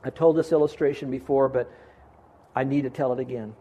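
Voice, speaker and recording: A man's voice: mid-range voice, fairly even intonation, a little fast, dark tone, lo-fi sound. A man preaching a sermon as pastor in a church, earnest and pleading with his listeners.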